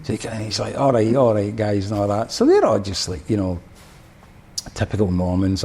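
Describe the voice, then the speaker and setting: A Scottish man with a lowish voice tells a long story about his band days. He talks loosely, circling back and restarting phrases as he goes. It sounds like relaxed podcast chat. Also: a little fast, gravelly, a little hiss or hum. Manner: rambling anecdotes with many restarts and fillers. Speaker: podcast guest, former band drummer. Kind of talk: casual storytelling.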